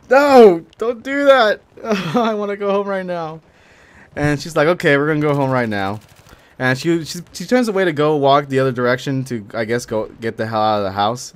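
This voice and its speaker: A man's voice: mid-range voice, fairly bright tone. A young man telling a long story over gameplay in a casual, rambling way, swearing often and filling with "like". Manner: rambling, profane, filler-heavy. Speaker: gaming commentator.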